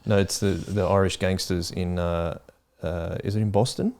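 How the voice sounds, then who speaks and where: A man's voice: sits low, steady tone, normal speed, gravelly, a little mellow. Hesitant, curious man. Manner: inquisitive, hesitant, full of restarts. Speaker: podcast co-host. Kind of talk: casual chat.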